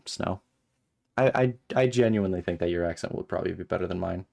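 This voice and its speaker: Low-voiced male streamer narrating a game aloud, quick to break into exasperated commentary. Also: creaky. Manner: animated, exasperated asides. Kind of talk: reading a visual novel aloud with live commentary.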